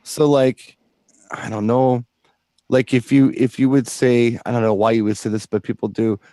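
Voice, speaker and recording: A man's voice: medium pitch, flat delivery, moderate pace, warm tone, no room sound. A man co-hosting a DJ show in casual chat, explaining things at length with enthusiasm. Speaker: DJ co-host.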